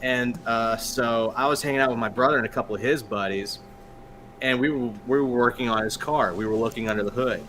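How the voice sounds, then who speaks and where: A man's voice: medium pitch, fairly quick, a bit bright, a little hiss or hum. A man talking loosely as a guest in a casual chat, swearing freely and using many fillers. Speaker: guest comic creator.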